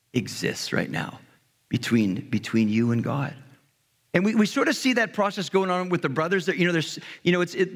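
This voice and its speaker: A pastor preaching a sermon in a conversational way, retelling a story and briefly acting out its characters. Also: male voice, on the high side. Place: church hall. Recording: long hall reverb.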